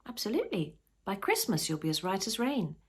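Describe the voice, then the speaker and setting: A woman reading the lines of a kind, steady husband in a storybook, gentle and reassuring. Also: medium pitch, fairly quick, breathy edge, heavily acted. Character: kind, steady husband, middle-aged man.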